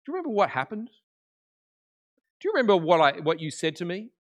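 Male preacher as a patient, earnest teacher figure who probes gently; slightly high voice. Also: sing-song, fast. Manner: earnest, questioning.

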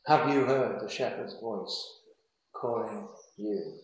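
Earnest preacher in a very echoey church. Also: male voice, lowish voice. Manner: earnest, measured, with slow emphatic phrases. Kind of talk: sermon. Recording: very echoey hall.

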